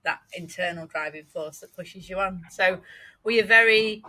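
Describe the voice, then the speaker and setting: A woman's voice: lowish voice, moderate pace, bright, forceful tone, rough recording. A woman with a northern English accent hosting a podcast, encouraging her guest and asking long, rambling questions. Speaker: podcast host. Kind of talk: casual conversational interview.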